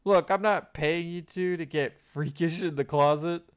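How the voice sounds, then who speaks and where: A man voicing a loud, joking male pterodactyl teacher in a game. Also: fairly high pitch, steady tone, normal speed, smooth, pitched above the performer's own voice, close to an everyday voice. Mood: teasing.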